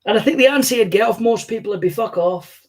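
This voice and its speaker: Older scottish comic, husky, high-pitched, rambling yarns, swears a lot. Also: male voice, fast talker. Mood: musing. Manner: rambling, anecdotal, sweary joke-telling. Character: impression of a famous older Scottish male comedian. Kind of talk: stand-up impression, storytelling.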